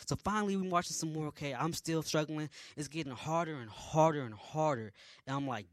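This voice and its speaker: A young man, an army private, telling a personal story in a casual, animated way, dropping to low mutters and rising to loud exclamations. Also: a little fast, no room sound. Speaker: army private recounting training.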